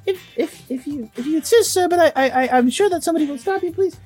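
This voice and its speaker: A man voicing a nervous male casino employee, stammering and pleading in a high voice. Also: fast, a little mellow, soft background music.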